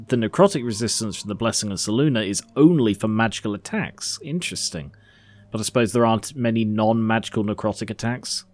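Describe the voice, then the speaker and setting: A man giving casual, excitable gameplay commentary, laughing and swearing as he plays. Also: fairly low pitch. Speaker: let's play host.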